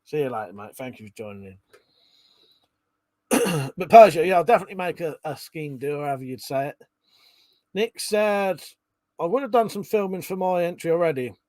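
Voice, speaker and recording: This British man's voice is fairly high and darkish, very animated and a little fast, yet broken by long pauses, with no echo. Hosting a casual live stream, he chats loosely, swears freely and reads out comments from viewers.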